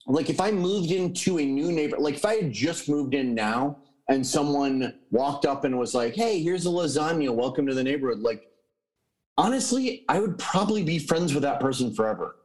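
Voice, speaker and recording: Animated man hosting a casual chat. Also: on the high side, moderate pace. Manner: lively, swearing, laughing often. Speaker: podcast host.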